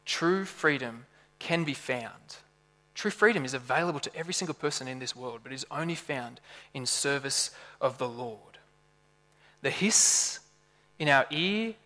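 Animated preacher man. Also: on the high side, unhurried, in a large hall. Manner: animated, conversational, with rhetorical questions. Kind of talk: sermon.

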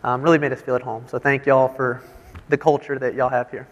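A young man from Texas with a Southern American accent, a guest answering interview questions in a friendly, relaxed way. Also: medium pitch, a little fast, muffled recording. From Houston, Texas. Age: young adult. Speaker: guest basketball player. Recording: long hall reverb.

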